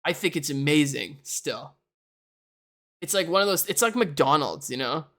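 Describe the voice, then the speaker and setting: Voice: medium pitch, a bit bright. Laughing, rambling streamer. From Canada. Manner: laughs often, swears casually, rambling asides. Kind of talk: casual chat to a live audience. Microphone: desk mic for a live stream.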